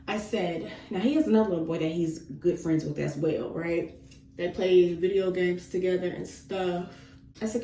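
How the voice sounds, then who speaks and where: A woman's voice: lowish voice, a little fast, warm tone, a little hiss or hum. A woman casually venting as she cuts her hair, retelling talks with her son and repeating phrases for stress. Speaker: vlogger, mother. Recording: echoey room, mic at a distance.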